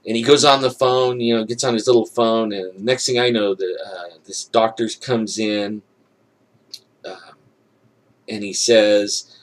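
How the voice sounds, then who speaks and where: A man's voice: fairly low pitch, measured pace. A man telling a personal story in casual speech, acting out what people said, full of "you know" and "like", chuckling now and then. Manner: animated, acts out quoted dialogue; frequent fillers like "you know" and "like". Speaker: storyteller recounting a personal experience.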